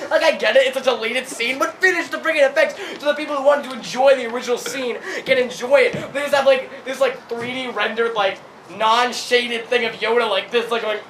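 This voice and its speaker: A young man rambling through an improvised comedic story, giggling and breaking into loud put-on quotes. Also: very high voice, a little fast, low-quality recording. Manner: giggly, rambling, full of fillers, voices shouted quotes. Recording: clear background noise.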